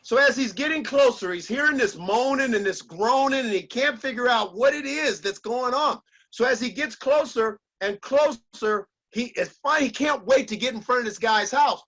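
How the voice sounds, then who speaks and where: Guy with a high voice giving a fired-up motivational talk, repeats his lines like a preacher. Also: normal speed, few pauses, a bit bright. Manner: emphatic, repetitive, preacher-like cadence. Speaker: motivational speaker. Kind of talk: motivational speech.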